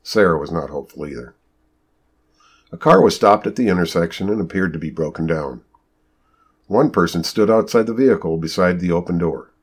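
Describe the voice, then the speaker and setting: A man's voice: a little fast, slightly rough. A man reading a novel aloud as narrator, lifting his voice for the characters' lines. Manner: lively storytelling, raises pitch for quoted characters. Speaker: audiobook narrator. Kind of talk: scripted narration.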